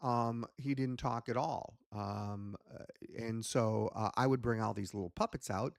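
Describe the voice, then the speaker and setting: A man hosting a casual teaching talk as a hypnotist, rambling and animated with many pauses and restarts. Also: medium pitch, vocal fry, no echo, clean studio sound. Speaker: hypnotist and ventriloquist host.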